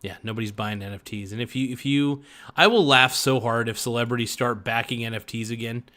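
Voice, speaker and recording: A man's voice: mid-range voice, a little fast, pushed and bright. A man hosting a podcast, ranting in profane, sarcastic commentary and mocking people in put-on voices. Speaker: podcast host.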